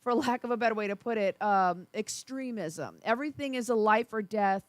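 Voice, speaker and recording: A woman's voice: a little high, a little fast, no echo. A woman co-hosting a talk radio show, explaining her points earnestly and often checking in with "right?". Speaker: radio co-host. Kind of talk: casual talk radio conversation.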